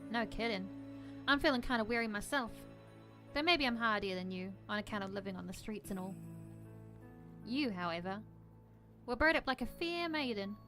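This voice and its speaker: A woman voicing a cocky, streetwise young man who serves as a protective servant, speaking in a rough, teasing gutter-snipe drawl. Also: mid-range voice, animated, moderate pace, long pauses, pushed and bright, faint music behind.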